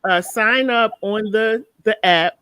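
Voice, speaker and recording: A woman's voice: medium pitch, slow pace, clear, resonant tone, dry recording. Chatty woman hosting a live talk show. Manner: chatty, animated storyteller. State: tired at the end of the night. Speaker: show host. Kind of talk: casual show chat.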